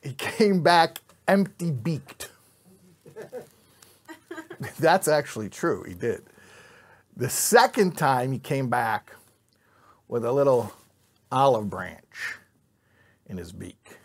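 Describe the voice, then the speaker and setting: Husky man teaching with jokes. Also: medium pitch, sing-song, slow, long pauses. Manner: joking, quizzes the audience. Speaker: rabbi teaching a class. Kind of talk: informal Torah class with audience.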